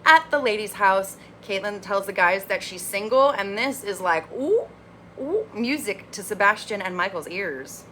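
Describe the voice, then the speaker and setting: A woman hosting a casual TV recap vlog, animated and opinionated, with lively, candid commentary. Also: mid-range voice, moderate pace, few pauses, slight background noise. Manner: animated, opinionated, acts out quotes. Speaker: recap reviewer, channel host.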